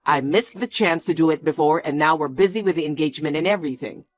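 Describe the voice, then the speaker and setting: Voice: mid-range voice, fast talker, soft background music, natural voice. A voice actor playing a stubborn, defensive young man in scripted story dialogue, blunt and bossy.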